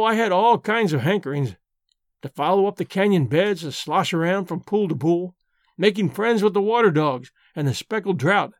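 A wistful, dreamy frontier woman who speaks in folksy backwoods turns of phrase, read by a man. The voice is fairly high and recorded dry and close. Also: dry recording. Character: wistful frontier-born woman, tribe leader, poetic dreamer. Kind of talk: audiobook reading.

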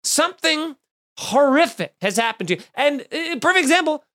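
A man's voice: very high voice, sing-song, moderate pace, pushed and bright. A man hosting a comedy podcast, ranting in a sarcastic, crude, mock-outraged way. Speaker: podcast host.

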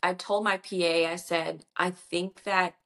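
A woman's voice: on the low side, steady tone, unhurried, sharp tone. A woman, a debut author chatting casually in an interview and retelling conversations with quoted voices.

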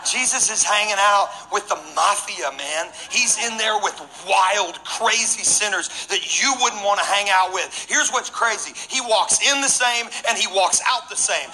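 Man, pastor, sermon, high voice, very bright tone, jokey, loud then hushed, faint room noise. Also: a little slow, gravelly, low-quality recording. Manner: energetic, jokey, shifts between loud and hushed.

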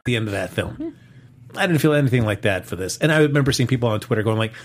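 A man's voice: medium pitch, lively intonation, fast talker. A man hosting a casual live-streamed movie podcast, chatty, with many fillers and restarts. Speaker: podcast host.

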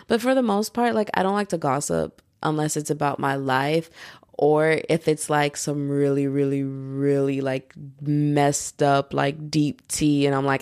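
Low-pitched woman, gravelly, slangy rambling, young adult podcast host, dry close sound. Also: a little slow, darkish tone, no echo. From United States. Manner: rambling and slangy, heavy on filler "like". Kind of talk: casual podcast monologue.

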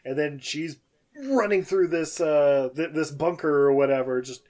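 A man with a slightly raised voice talks through a film's plot in a relaxed podcast chat. He laughs between beats and jumps into quick impressions of the characters. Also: a little high. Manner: loose, laughing, acts out characters' lines. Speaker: podcast co-host. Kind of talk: casual film recap chat.

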